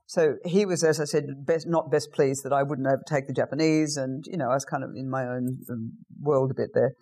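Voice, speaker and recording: A middle-aged Australian woman, a guest in an interview, telling lively anecdotes in a casual way. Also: rumbling low, brisk. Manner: lively anecdotal storyteller, acts out quoted lines.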